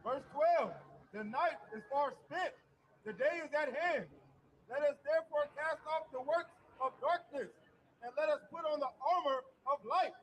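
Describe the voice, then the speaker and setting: A man reading Bible verses aloud in a steady recitation. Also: very high-pitched, moderate pace, slight background noise, poor audio. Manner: steady recitation, affirms the preacher with short replies. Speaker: scripture reader.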